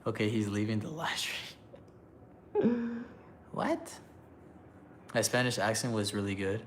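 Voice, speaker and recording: A man with a lowish voice and wide pitch swings chats casually on a live stream, reading chat aloud, joking loosely and laughing often. He gets halting whenever he switches languages, and there's a faint hiss or hum in the audio.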